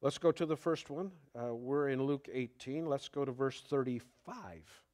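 A man preaching a sermon in an unhurried, conversational way, with fillers and the odd chuckle. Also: mid-range voice, darkish tone. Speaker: pastor.

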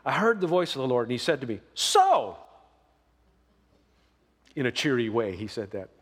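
A male pastor delivers a conversational sermon in a mid-range, fairly bright voice, speaking quickly with lively intonation. He punctuates it with emphatic rises and frequent "right?" asides, and a large hall gives it long reverb.

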